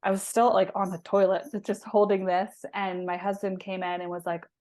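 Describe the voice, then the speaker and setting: A woman's voice: medium pitch, level tone, normal speed, darkish tone. A woman in her thirties, a guest on an interview show, telling a personal story in a chatty, emotional way with many restarts. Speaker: guest, holistic health practitioner.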